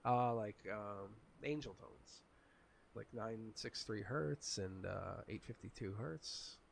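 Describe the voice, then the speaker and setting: A man with a raspy voice, chatting and laughing often as he gives tarot readings on a live stream. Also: fairly low pitch, slow, a little hiss or hum. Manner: chatty and animated, laughs often, talks to chat. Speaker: tarot reader.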